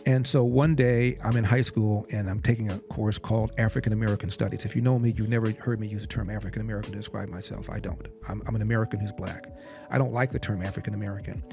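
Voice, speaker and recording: Older man, gravelly low voice, quick storytelling, quotes others directly, music playing underneath. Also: steady tone, darkish tone. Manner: deliberate, quotes his father in direct speech. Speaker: podcast guest. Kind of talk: storytelling in an interview. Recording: music bed behind the voice.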